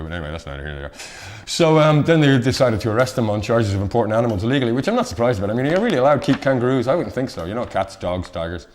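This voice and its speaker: Fast-talking rambling man. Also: mid-range voice. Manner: rambling and self-deprecating, quick asides. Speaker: presenter. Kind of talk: casual news round-up of odd stories. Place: local TV studio.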